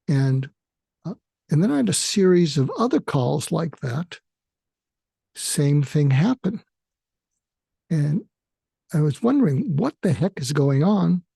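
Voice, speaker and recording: Gravelly, husky man musing aloud. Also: a little high, dark tone, dry recording, studio quality. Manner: halting, with frequent fillers and restarts. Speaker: podcast host and therapist. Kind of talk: reflective spoken monologue.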